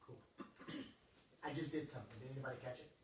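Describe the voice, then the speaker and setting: A young man giving an informal motivational talk to a small group, lively and joking in a preacherly way, calling on his audience. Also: mid-range voice, fast, slight background noise. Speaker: motivational speaker. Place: indoor room with a small audience. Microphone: phone livestream from across the room. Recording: echoey room, voice from a distance.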